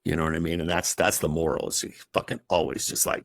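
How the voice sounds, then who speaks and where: A man's voice: rumbling low, fairly even intonation, fast, vocal fry, a bit bright, dry recording. A man as a podcast guest, telling his personal story in a raw, emotional way and swearing heavily.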